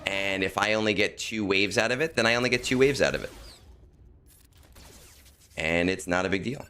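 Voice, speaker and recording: Low-voiced man chatting while gaming. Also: normal speed, bright, forceful tone, a little hiss or hum. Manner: muttering to himself, self-correcting. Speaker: streamer. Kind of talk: casual livestream chat while playing.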